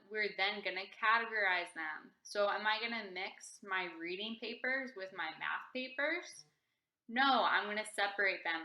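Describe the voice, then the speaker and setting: A woman teacher walks young children through a reading lesson, slow and patient, asking questions as she goes. Her voice is very bright. The recording has a roomy echo. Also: medium pitch. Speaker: first grade teacher. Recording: echoey room.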